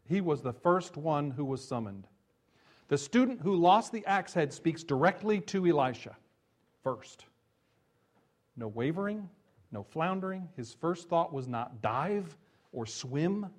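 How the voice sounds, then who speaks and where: Guy preaching, kinda high voice, gets loud then drops quiet, little chuckles. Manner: animated storytelling, rising to emphatic peaks then dropping low and quiet; chuckles between points. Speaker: pastor. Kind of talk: sermon.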